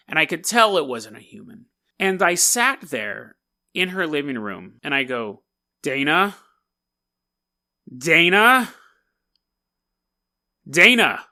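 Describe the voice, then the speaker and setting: A man hosting a podcast, telling a personal ghost story in an animated, conversational way. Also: on the high side. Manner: animated, conversational, quotes friends in his own voice. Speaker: podcast host.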